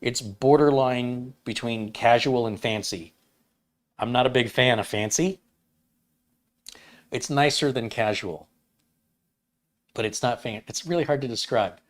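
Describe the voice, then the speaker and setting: A man's voice: medium pitch, unhurried, pauses often. A man in his fifties hosting a casual livestream chat, rambling and joking at his own expense. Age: 50s. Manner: rambling, self-deprecating, jokey. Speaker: livestream host.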